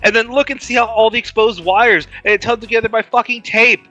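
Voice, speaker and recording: Profane, animated male podcast storyteller. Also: very high-pitched, a little fast, dull audio, faint music behind. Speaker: podcast co-host. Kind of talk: casual crude podcast banter.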